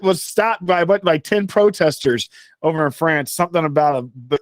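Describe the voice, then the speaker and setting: A man's voice: fairly high pitch, brisk, dry recording. A man from Texas, co-hosting a podcast, joking and laughing often in casual chat. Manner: jokey, laughs often, playful. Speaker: podcast co-host.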